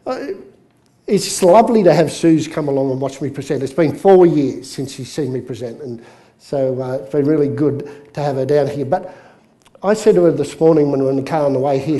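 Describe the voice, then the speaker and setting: A man's voice: on the high side, brisk, dark tone. Man telling stories at a workshop. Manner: chatty, story-telling, with jokes. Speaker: business coach and presenter. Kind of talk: live workshop presentation.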